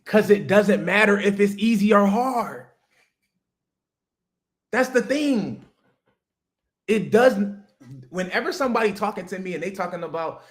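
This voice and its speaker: A man's voice: high-pitched, lively intonation, normal speed, pauses often, a bit bright. A man hosting a livestream, giving an emphatic, profane motivational rant about business straight to his chat. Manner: talks straight to chat viewers. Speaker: livestream host, business coach.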